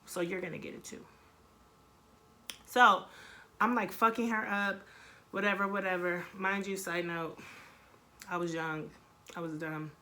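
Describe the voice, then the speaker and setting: A young woman telling a casual storytime, animated and blunt, swearing freely and acting out what people said. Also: fairly low pitch, measured pace, pauses often. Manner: animated, blunt, profane, acts out quotes. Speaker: vlogger.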